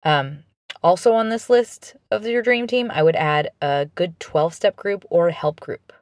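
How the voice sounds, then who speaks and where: A woman's voice: on the low side, moderate pace, dry recording, clean studio sound. A woman speaking earnestly and encouragingly straight to the listener in an advice monologue, with frequent restarts and fillers.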